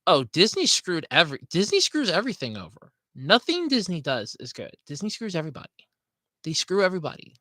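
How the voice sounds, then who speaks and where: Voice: mid-range voice, huge pitch swings, fairly quick, bright, forceful tone, no echo. Rambling, scatterbrained podcast host, dry sound. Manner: apologetic, frustrated rant. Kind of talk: casual livestream chat.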